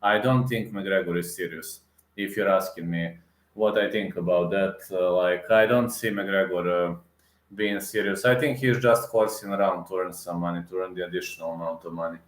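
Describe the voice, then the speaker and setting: A man with a fairly low voice rants heatedly to camera like an MMA reaction vlogger. He circles back to the same points and stresses them again. His voice carries a noticeable echo off the room. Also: normal speed. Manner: repetitive, emphatic, many fillers and restarts. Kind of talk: heated casual rant to camera.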